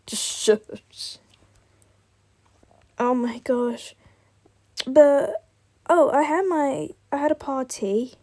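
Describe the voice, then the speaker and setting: Chatty young woman with a mellow voice. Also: sits high, slow, pauses often. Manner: rambling, lots of "like" fillers. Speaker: gaming vlogger. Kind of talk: casual chat while playing a building game.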